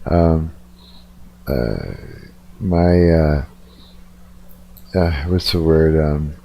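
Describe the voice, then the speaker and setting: A man's voice: extremely low pitch, extremely slow, warm tone, slight background noise. A man chatting casually on a live stream, a little tired, rambling and swearing freely. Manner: profane, rambling, restarts sentences. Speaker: livestreamer.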